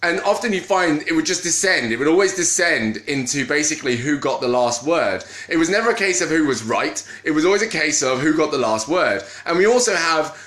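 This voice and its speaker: A man's voice: fairly high pitch, fairly quick, few pauses. A man chatting casually to live viewers, greeting them as he goes and restarting his sentences. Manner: animated, greets viewers mid-talk, trails off and restarts. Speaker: vlogger. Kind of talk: casual live-stream chat. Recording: echoey room.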